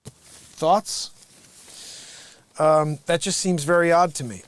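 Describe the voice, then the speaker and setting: Animated joking man hosting a livestream. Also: fairly high pitch, slow, clean tone, no room sound. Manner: animated, joking, laughs often. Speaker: livestream host. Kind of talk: casual livestream Bible commentary.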